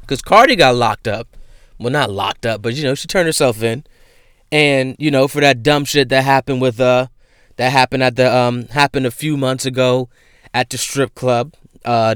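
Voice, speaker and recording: A young man hosting casual celebrity news commentary, ranting loudly and in disbelief with street slang and profanity. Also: mid-range voice, clean tone, dry recording, studio quality. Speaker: host.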